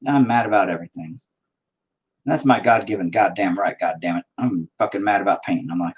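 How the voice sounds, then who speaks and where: A man's voice: fairly low pitch, a little fast, slightly rough, rough recording. A man talking casually to his viewers while he paints, cursing constantly and mocking himself as he rants. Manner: profane, ranting, self-mocking. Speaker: painting vlogger.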